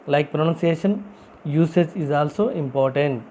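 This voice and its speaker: A man's voice: a little high, normal speed, warm tone, a little hiss or hum, low-quality recording. A man who is not a native English speaker teaching a vocabulary lesson, explaining step by step, asking and answering his own questions and repeating key phrases. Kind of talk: classroom-style vocabulary lesson.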